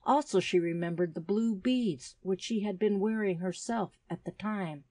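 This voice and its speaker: A woman narrating a classic adventure story in an even, measured reading voice on a close mic. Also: mid-range voice, no room sound. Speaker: audiobook narrator.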